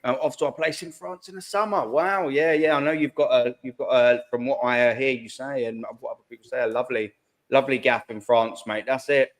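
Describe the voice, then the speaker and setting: A man's voice: medium pitch, fairly even intonation, a little fast. A man hosting a live fan call-in stream, chatty and slangy, swearing freely and calling everyone mate. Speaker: host of a fan call-in show. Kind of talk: casual live-stream chat.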